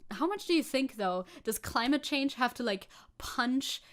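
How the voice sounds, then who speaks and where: Sarcastic woman streamer with a higher voice. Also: animated, unhurried. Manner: sarcastic, laughs often, swears. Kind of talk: casual commentary. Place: hot room at home.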